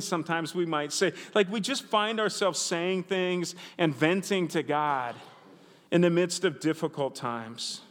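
A man's voice: on the high side, fairly bright tone. A man preaching a sermon in a chatty, conversational way with asides to the congregation. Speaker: pastor. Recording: reverberant hall.

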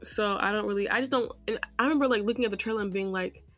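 A woman co-host is chatting casually around a podcast table. Her voice sits at an ordinary middle pitch. She talks emphatically, leaning into key words and drawing them out. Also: faint music behind. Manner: animated, emphatic, drawn-out stresses. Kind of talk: casual roundtable chat.

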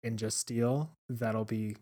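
A man co-hosting a casual podcast, easygoing and quick to laugh. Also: lowish voice, fairly even intonation, warm tone. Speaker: podcast co-host. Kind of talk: casual chat.

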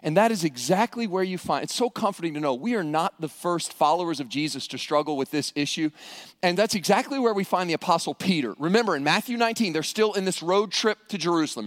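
A middle-aged male pastor preaching a sermon, animated, acting out quoted voices and often repeating words as he goes. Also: a little high, dry recording.

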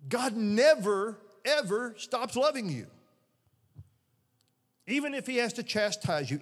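Middle-aged male pastor, earnest and conversational, in a big echoing church. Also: high-pitched. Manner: earnest, conversational preaching with many restarts. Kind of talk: sermon. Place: church sanctuary. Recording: long reverb of a large hall.

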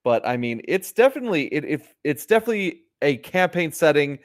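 A man's voice: a little high, brisk. Laid-back rambling podcast co-host, man. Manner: relaxed, rambling, restarts often. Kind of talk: casual chat.

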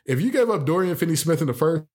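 A man hosting a sports talk show, giving opinionated commentary with animated rhetorical questions and sarcastic jokes. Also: a little high, fast talker.

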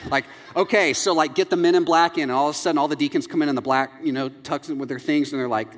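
A man in his thirties preaching a sermon, animated and jokey, acting out little scenes as he tells them. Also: on the high side, quick pace. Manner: animated, jokey storytelling with acted-out quotes. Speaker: pastor. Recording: long reverb in a large hall.

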